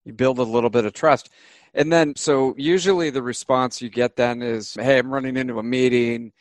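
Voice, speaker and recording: A man hosting an interview podcast, asking quick follow-up questions and laughing along. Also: medium pitch, fairly even intonation, no echo. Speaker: podcast host.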